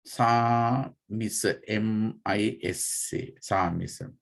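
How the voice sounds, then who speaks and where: Slow, gravelly Sri monk teaching. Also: male voice, fairly low pitch, steady tone. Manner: patient, spells out terms letter by letter, many fillers. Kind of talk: slow dharma class lecture.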